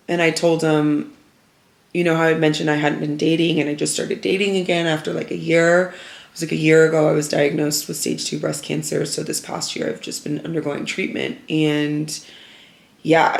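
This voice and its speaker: A young woman talks straight to camera in a casual, open vlog, earnest and full of filler words. Her voice has a gravelly fry at the ends of phrases. The room around her rings with echo. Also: sits low. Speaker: vlogger.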